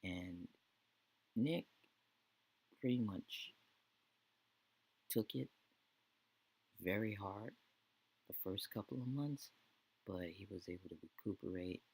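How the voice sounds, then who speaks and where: Deep gravelly man telling a game story. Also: rough recording. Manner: earnest, rambling storytelling. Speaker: let's play narrator.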